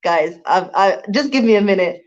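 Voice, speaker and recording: A woman's voice: medium pitch, animated, normal speed, muffled recording. A Jamaican-born woman hosting a casual livestream from home, reading out viewer comments and laughing often. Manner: chatty, laughs often, thanks viewers warmly. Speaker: livestream host. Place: home in Rwanda.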